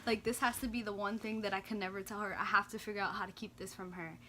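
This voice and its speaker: A young woman vlogger casually telling a story, animated and slangy, full of "like" and swearing. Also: mid-range voice, fast, slight background noise.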